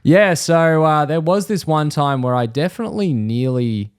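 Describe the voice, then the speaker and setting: A man's voice: a little high, moderate pace, smooth, no room sound, studio quality. A man co-hosting a podcast, telling a funny story in a casual, swearing way. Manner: laid-back, swears, acts out voices in his stories. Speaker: podcast co-host.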